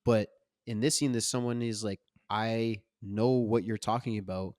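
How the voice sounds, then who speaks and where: A man's voice: on the low side, steady tone, normal speed, a little mellow, no room sound, studio quality. A man co-hosting a podcast, talking casually and with energy about a film, using loose slang. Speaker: podcast co-host.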